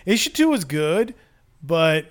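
A man's voice: a little high, sing-song, slow. A man co-hosting a podcast in casual chat, talking in an enthusiastic, rambling way with many fillers. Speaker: podcast co-host.

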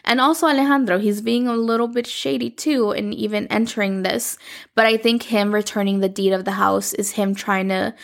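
A woman hosting a podcast, casually recapping a telenovela in a chatty, animated way, acting out lines as she goes. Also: mid-range voice, fairly quick, vocal fry. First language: Spanish. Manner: chatty, animated, acts out characters' lines in quotes.

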